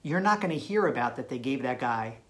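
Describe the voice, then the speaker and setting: A man coaching his viewers on dating in a punchy, emphatic delivery. His voice sits at an ordinary middle pitch, and he keeps tacking on "right?" as he makes each point. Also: expressive, brisk. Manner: emphatic, punchy, tag questions. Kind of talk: direct-to-camera advice video.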